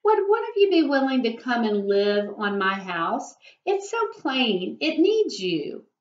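A woman voicing a gentle, polite male hermit crab from a storybook, speaking slowly and admiringly. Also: on the high side, very animated. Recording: echoey room, dull lo-fi.

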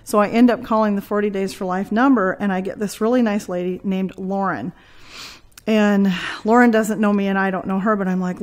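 A woman's voice: medium pitch, fairly even intonation, moderate pace. Earnest woman around sixty telling her story. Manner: earnest storyteller who acts out quoted dialogue, with frequent fillers and restarts. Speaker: interview guest. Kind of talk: personal testimony in conversation.

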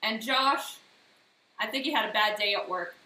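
A woman bakes on a casual live stream from her home kitchen, speaking at a moderate pace and medium pitch. Chatty and animated, she weaves personal anecdotes between steps, and the echoey room carries faint noise.

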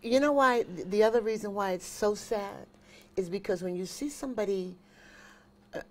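A woman's voice: mid-range voice, normal speed. A woman, a singer and vocal coach, chatting as an interview guest and telling stories with emphatic repetition. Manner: animated storyteller, emphatic repetition.

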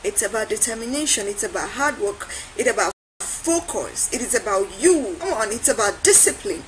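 A motivational speaker with a high voice drives home every point through repetition and rising, preacher-like build-ups. She's animated and speaks at a normal speed on a rough recording with faint hiss underneath.

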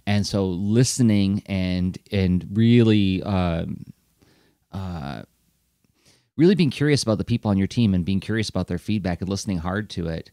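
A man's voice: sits low, normal speed, mellow, no room sound, clean studio sound. A man co-hosting a podcast, explaining ideas in an earnest, reflective way. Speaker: podcast co-host. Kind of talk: casual podcast chat.

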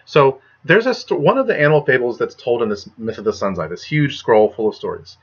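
Young male lecturer, casual and chatty, husky voice, dull home recording. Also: medium pitch, expressive, a little fast. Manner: chatty, lots of "right?" and "like". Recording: muffled lo-fi recording.

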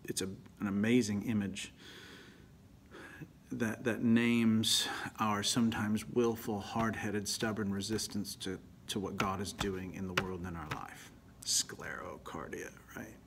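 Low-voiced priest teaching scripture. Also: male voice, a little slow, slight background noise. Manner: animated and emphatic, often dropping to a near whisper. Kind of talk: Bible teaching talk.

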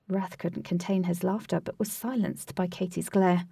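Husky, gravelly woman reading a story. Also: on the low side, steady tone, moderate pace, few pauses, mellow, no room sound, recorded from a distance. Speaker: audiobook reader. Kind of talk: scripted storybook narration. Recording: dry, voice set back from mic.

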